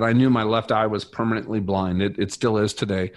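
Middle-aged man, low voice, dry close sound, earnest, reflective faith testimony. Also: fairly even intonation, brisk, no room sound. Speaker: guest telling his story. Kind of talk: personal faith testimony in conversation.

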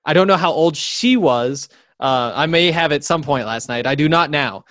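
A man's voice: on the high side, normal speed, a bit bright, dry recording, clean studio sound. A man in his twenties co-hosting a sports podcast in casual chat, rambling through stories with lots of fillers. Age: 20s. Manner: rambling storyteller, many fillers.

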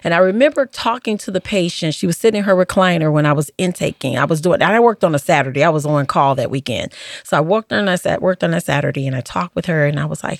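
A woman, a former hospice nurse, telling stories from her work in a casual interview, acting out what people said with lively jumps in her voice. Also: quick pace, creaky, no room sound, clean studio sound. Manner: animated, acts out quoted dialogue with big pitch jumps.

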